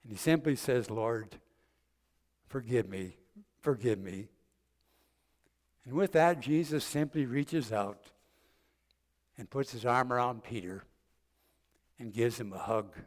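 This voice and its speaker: An older man preaching a sermon, gently retelling a story with vivid detail and acted-out quotes. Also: mid-range voice, a little slow, pauses often. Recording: long hall reverb.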